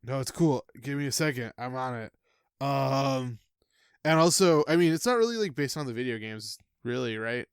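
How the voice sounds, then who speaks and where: Male podcast co-host, mid-pitched, rambling casual chat, dry close sound. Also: expressive, moderate pace, clear, resonant tone, no echo.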